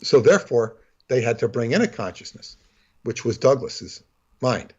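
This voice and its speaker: A husky-voiced man rambles through a casual chat, restarting his sentences and slipping into character voices. His voice comes through dull, lo-fi call audio. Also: mid-range voice, sing-song, normal speed, darkish tone. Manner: rambling, full of fillers and restarts, acts out voices.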